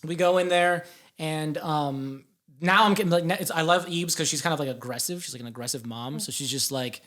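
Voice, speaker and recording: A man's voice: on the high side, a little fast, a bit bright. Rambling young man telling a story. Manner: rambling, filler-heavy, swears. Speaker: podcast guest. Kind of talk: casual storytelling.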